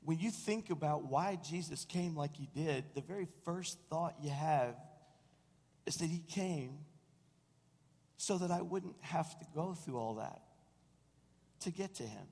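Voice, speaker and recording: A man preaching a sermon as senior pastor, telling stories with animated asides and acting out what people said. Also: a little high, unhurried, creaky, pauses often, slightly rough. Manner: storytelling, animated, mimics quoted voices. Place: church sanctuary. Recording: long reverb of a large room.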